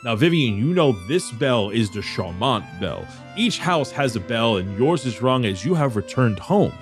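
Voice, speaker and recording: A man runs a tabletop game as dungeon master, his voice sitting at an ordinary middle pitch. He describes places and characters at length, stopping and restarting as he goes, with soft music running underneath. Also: sing-song, moderate pace. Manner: descriptive narration with frequent restarts.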